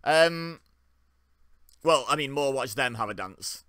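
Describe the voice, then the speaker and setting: Wry, bright-voiced man. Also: mid-range voice, lively intonation, slow, clean tone, no echo, clean studio sound. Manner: wry, joking, laughs often. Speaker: watch-along host. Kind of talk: casual live commentary.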